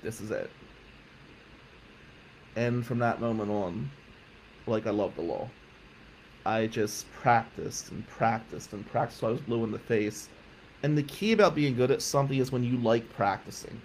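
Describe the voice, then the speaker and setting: A man telling a personal story in an emphatic, profane way, loudly acting out the people he quotes. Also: mid-range voice, normal speed, pauses often, a little hiss or hum, rough recording.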